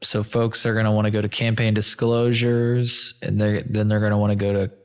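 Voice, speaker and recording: A man's voice: on the low side, flat delivery, brisk, smooth. A man hosting a podcast in casual chat, loose, rambling and profane, addressing listeners as folks while walking through a shared screen. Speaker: podcast host.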